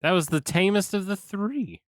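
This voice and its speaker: A man's voice: high-pitched, lively intonation, moderate pace, dry recording. A man co-hosting a casual podcast, joking playfully about himself. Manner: playful, self-mocking. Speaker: podcast co-host. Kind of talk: casual chat.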